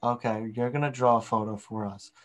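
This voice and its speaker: An easygoing man hosts a casual podcast chat, prompting his guest and thinking aloud. His voice sits at a middle pitch for a man. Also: fairly even intonation, brisk, noisy background. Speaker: podcast host.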